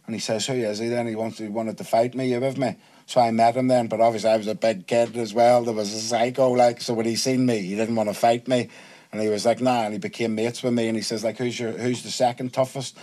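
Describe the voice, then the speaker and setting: A man's voice: mid-range voice, fast. A man guesting on a casual podcast, telling school stories with lots of swearing and acted-out voices. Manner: animated storytelling, swears freely, acts out quoted voices.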